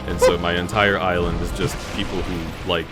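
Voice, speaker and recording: Low-voiced man, dry, casual stream banter over loud music. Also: level tone, moderate pace. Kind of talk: casual chat. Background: game music.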